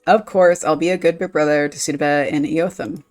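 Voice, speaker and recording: A woman's voice: sits low, steady tone, a little fast, a little mellow, faint music behind, close to an everyday voice. A woman voicing an earnest young village boy, reading game dialogue aloud.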